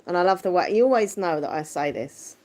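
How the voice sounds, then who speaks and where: A woman with a lowish voice hosts a relaxed livestream, reading out viewer comments as she goes. Her tone is squeaky yet deep, and she chats easily and laughs often. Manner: chatty, warm-hearted, quick to laugh. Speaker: livestream host. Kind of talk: casual live chat, reading viewer comments.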